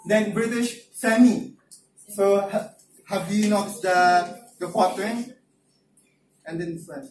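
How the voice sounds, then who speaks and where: A man's voice: high voice, takes it slowly, slight background noise. A young Filipino man with a Filipino accent, giving a class presentation with many fillers and questions to the audience. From Philippines. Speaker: student presenter. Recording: roomy classroom, mic far off.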